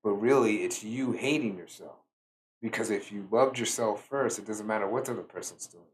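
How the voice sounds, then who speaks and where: A tired man giving a slow, reflective solo talk as a spiritual teacher, pausing often with fillers. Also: on the low side. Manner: slow, musing, with many fillers.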